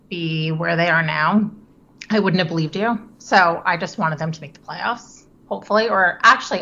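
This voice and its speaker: A woman's voice: lowish voice, a bit bright. A woman in her thirties, a guest on a podcast, chatting in a friendly, candid way. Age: 30s. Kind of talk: casual podcast chat. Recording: dull lo-fi sound.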